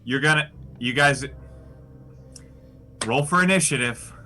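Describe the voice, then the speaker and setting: A man playing a relaxed game master who asks for dice rolls, hesitating with lots of "uh.". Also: mid-range voice, a little slow, soft background music. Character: casual male tabletop game master.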